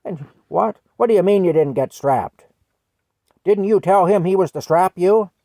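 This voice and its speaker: A man voicing a stern, spiteful female schoolteacher, shrill and indignant as she scolds a pupil. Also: expressive, normal speed, mellow, no room sound.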